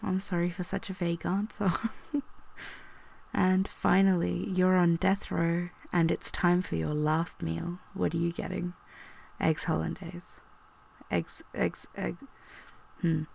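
A young woman who is sick and hoarse. She answers questions in a soft-spoken, rambling chat, drops into whispers at times, and hesitates often with ums. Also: lowish voice, level tone, slow. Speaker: video host.

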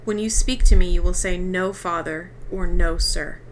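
A woman's voice: mid-range voice, fairly even intonation, a little fast, gravelly, a little hiss or hum, natural voice, rough recording. A woman reading aloud, voicing a tired, stern father who speaks heavily and then commands. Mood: commanding. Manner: heavy, weary, turns commanding.

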